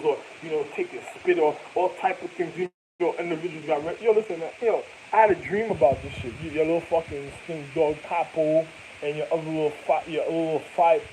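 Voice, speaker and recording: A man's voice: on the high side, steady tone, brisk, dark tone, slight background noise, low-quality recording. A man in a rambling, profane monologue that jumps from topic to topic.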